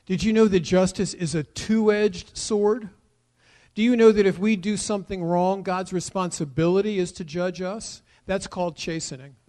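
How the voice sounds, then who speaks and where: A middle-aged man preaching a sermon, emphatic and building to loud declarations. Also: sits high, normal speed. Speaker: pastor.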